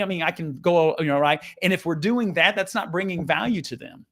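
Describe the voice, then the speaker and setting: Earnest higher-voiced man coaching business. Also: fast, few pauses. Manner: earnest, lively, acts out quoted voices, frequent restarts. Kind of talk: casual motivational talk to camera.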